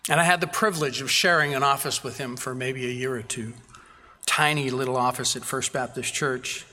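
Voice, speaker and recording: Bright-voiced preaching man, echoing church. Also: medium pitch, fairly even intonation, fairly quick. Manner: earnest preaching with repeated emphatic phrases. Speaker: pastor. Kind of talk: sermon.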